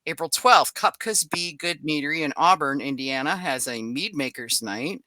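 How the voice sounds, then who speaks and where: A woman's voice: deep voice, lively intonation, sharp tone, no echo. A woman hosting a podcast, reading through a list of upcoming events in a casual way with chatty asides. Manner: reads a list briskly with asides and small laughs. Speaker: podcast host. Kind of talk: casual event-listing readout.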